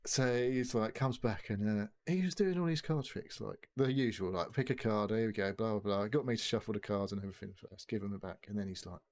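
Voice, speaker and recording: A man's voice: on the low side, fairly quick, hardly any pauses. Rambling, sweary man. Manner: rambling storyteller, swears a lot, animated. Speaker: podcast co-host. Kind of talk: casual chat.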